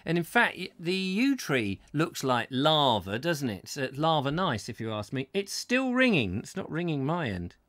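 A man's voice: a little high, sing-song, moderate pace, few pauses, a bit bright, no room sound. A man hosting a live comedy chat show, rambling through viewer comments and often laughing at himself. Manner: chatty and self-mocking, often laughs and trails off with fillers.

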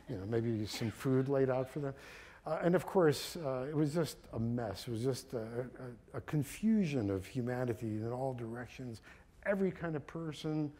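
An older man from Kazakhstan, an author telling his family's story and reading from his book in an animated way. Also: medium pitch. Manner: animated storyteller, thinks aloud with restarts.

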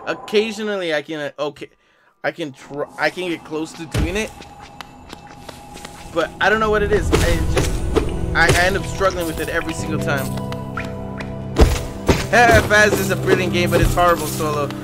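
A man streaming a video game live, chatting casually and excitably and swearing often, sounding tired. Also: fairly high pitch, normal speed, pauses often, loud music behind the voice. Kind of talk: casual live gameplay commentary.

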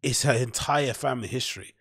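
Husky man, casual podcast talk. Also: medium pitch, a little fast, a bit bright, no echo, clean studio sound. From London. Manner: rambling, tags lines with "right?". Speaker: podcast host. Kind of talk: casual commentary.

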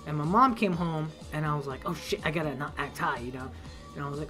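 A young man telling a casual story, swearing often and acting out quotes loudly. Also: a little high, fast talker, soft background music. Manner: animated, swearing, acts out quotes in raised voice.

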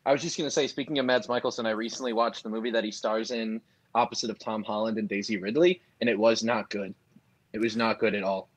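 A man's voice: on the low side, fairly even intonation, quick pace, no room sound, poor audio. Male co-host, joking and opinionated, dry close sound on a video call. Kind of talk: casual pop culture chat.

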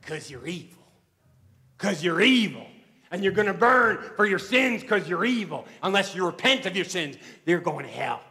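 A man acting out a fiery female street preacher who shouts condemnation at subway riders. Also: high voice, very animated, moderate pace, long reverb tail, full character voice. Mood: ranting. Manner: shouting, hectoring.

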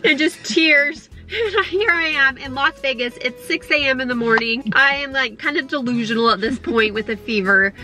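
Young woman vlogger, bright voice, slightly high, animated storytelling, faint music behind. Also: moderate pace, poor audio. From Utah. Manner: animated, laughs often, addresses viewers. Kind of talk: casual storytelling to camera.

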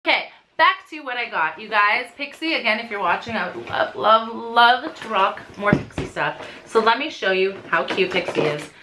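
Woman, 30s, beauty vlogger, bright forceful tone, excitable gushing delivery, faint hiss. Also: a little high, moderate pace. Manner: gushing, excitable, frequent gasps. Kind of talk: casual unboxing vlog.

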